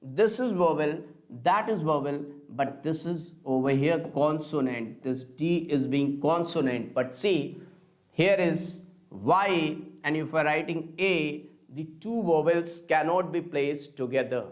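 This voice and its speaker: A man teaching a live online chemistry class, talking slowly and repeating himself as he calls his students kids. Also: a little high. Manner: slow, repetitive, addresses students as kids.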